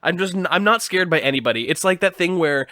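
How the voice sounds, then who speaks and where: A man's voice: sits high, expressive, fast, pushed and bright, no room sound, studio quality. A man hosting a podcast in a loose, joking chat, swearing freely and laughing often. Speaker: podcast host. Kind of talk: casual comedic chat.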